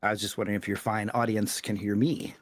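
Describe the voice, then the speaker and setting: A man's voice: fairly low pitch, little pitch movement, fast, no room sound, clean studio sound. A man joining a livestream as a guest, with a wry, joking manner. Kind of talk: casual livestream chat.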